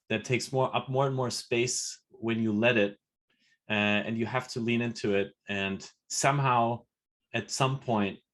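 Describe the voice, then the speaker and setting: Male host asking thoughtful, searching questions over a video call. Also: mid-range voice. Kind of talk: interview questions.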